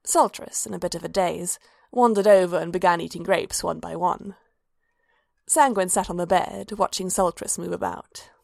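A woman narrating a fan fiction story aloud in an even, measured way. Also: lowish voice, vocal fry, no room sound, clean studio sound.

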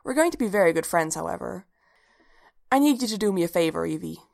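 Woman reading a calm mysterious lady leader, low and measured, bit of gravel. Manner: calm, measured, quietly firm.

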